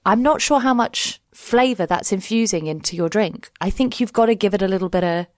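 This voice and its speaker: A woman's voice: mid-range voice, fairly quick, a little mellow, no echo, clean studio sound. Wry, laughing woman podcast co-host. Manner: wry, self-mocking, laughs often. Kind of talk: casual chat.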